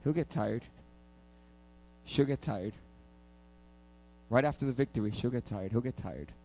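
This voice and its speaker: A man's voice: medium pitch, measured pace, gravelly, dark tone, soft background music. A male pastor preaching a sermon with playful call-and-response and strong emphasis.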